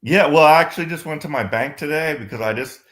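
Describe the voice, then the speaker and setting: A man's voice: fairly high pitch, fast, fairly bright tone. A man calling in to a live Q&A, talking casually and rambling with lots of fillers. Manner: rambling, many fillers like "like" and "you know". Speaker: caller. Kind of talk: casual chat.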